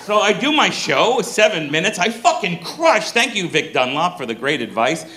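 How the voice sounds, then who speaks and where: A middle-aged male stand-up comedian telling a story on stage, animated and profane. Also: sits high, normal speed.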